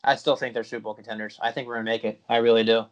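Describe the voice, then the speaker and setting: A man's voice: mid-range voice, level tone, rapid-fire, muffled recording. A man on a casual sports podcast who talks bluntly and with emphasis. He swears freely and backs his team with conviction. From Tampa Bay area, United States. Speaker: podcast co-host.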